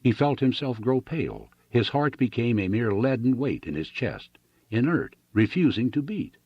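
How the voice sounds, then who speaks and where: A man reading a novel aloud as an audiobook narrator, in an expressive, dramatic style. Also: medium pitch, moderate pace, slightly rough, dry recording, dull audio. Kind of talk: scripted narration.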